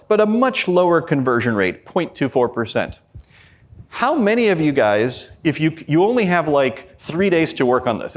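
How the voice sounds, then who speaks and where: Energetic man giving a workshop talk. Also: a little high. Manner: energetic, addresses the audience directly; quotes imagined people in a raised voice. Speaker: workshop presenter.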